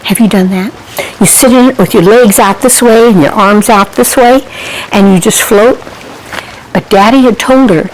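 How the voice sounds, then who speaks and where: A woman telling a Bible-themed children's story, animated, asking her listeners questions and hushing her voice for suspense. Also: medium pitch, moderate pace, slight background noise, low-quality recording.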